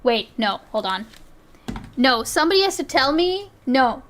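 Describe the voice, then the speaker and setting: A woman with a South Asian accent chats casually on a livestream. Her voice sits high, and she rambles, swears and laughs often as she reacts. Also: sing-song, a little slow, a bit bright. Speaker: streamer.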